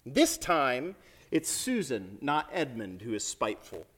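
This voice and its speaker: A man preaching a sermon as a priest, talking to the congregation in a lively, conversational way with many asides. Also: mid-range voice, a little slow.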